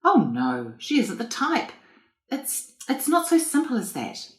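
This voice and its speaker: A woman's voice: a little high, wildly swooping pitch, a little slow, voice pushed up. Woman reading as a grave country doctor. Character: male country doctor, calm and troubled. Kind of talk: audiobook reading. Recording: roomy echo.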